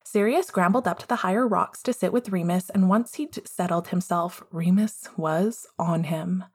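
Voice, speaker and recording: A woman reading a fan story aloud in a calm, measured way. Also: on the low side, husky. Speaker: audiobook reader. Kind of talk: storybook narration.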